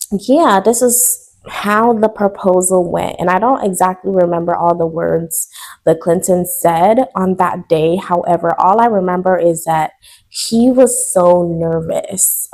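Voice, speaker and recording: Young woman, lowish voice, chatty vlog storytelling, talks straight to viewers. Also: darkish tone. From United States. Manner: chatty, addresses viewers directly, emotional. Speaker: vlogger.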